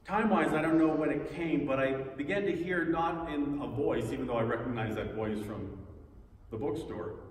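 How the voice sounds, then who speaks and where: A man tells his own spiritual story from a church stage, earnest and reflective, with a wry, self-mocking humor. His voice sits at an ordinary middle pitch. It carries through a big, echoing hall, picked up from a distance with a faint hiss underneath. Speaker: speaker sharing a personal spiritual story. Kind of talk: personal testimony talk. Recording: echoey hall, distant mic, faint noise.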